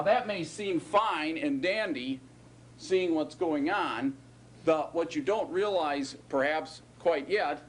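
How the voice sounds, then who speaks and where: A man's voice: fairly high pitch, a little hiss or hum. Man lecturing on grammar in a classroom. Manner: conversational, checks in with frequent "right?" and "okay?". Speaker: Hebrew grammar teacher.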